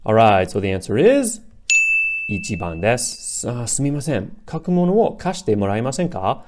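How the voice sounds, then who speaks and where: A young man giving a casual language lesson, explaining slowly with frequent "you know" and "like" fillers. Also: mid-range voice, big pitch swings, a little mellow, slight background noise. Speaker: Japanese teacher.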